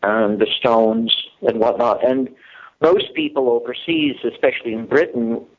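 A middle-aged man with a mild Scottish accent guests on a radio show, joking about himself in a wry, halting way full of fillers. His voice sits in an ordinary middle pitch. The sound is slightly muffled and dull. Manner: wry and self-deprecating, hesitant with fillers.

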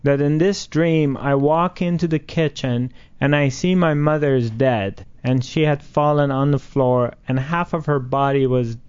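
A man in his fifties, a spiritual healer being interviewed, speaking slowly and earnestly with many pauses and fillers. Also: mid-range voice, a little mellow, smooth. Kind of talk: interview answers. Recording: dull lo-fi recording.

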